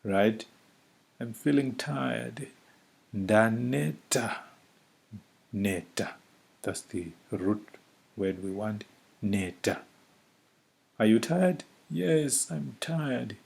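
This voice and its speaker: A man teaching a vocabulary lesson, saying each word slowly and repeating it several times for the listener. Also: lowish voice, animated, creaky, darkish tone. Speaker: language teacher. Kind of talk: slow spoken vocabulary lesson.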